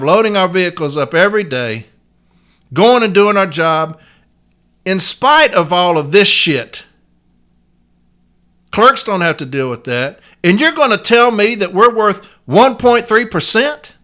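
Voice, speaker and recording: A high-pitched, bright, forceful male voice carries this angry solo rant on the man's own podcast. He speaks as a union letter carrier, swearing liberally and hammering his points with emphasis.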